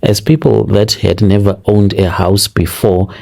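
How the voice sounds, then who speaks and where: Low-voiced Zimbabwean man telling a confession. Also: little pitch movement, vocal fry, dark tone. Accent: Zimbabwean English. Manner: earnest, deliberate retelling with repeated phrases. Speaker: narrator of listener confessions. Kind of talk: first-person confession storytelling.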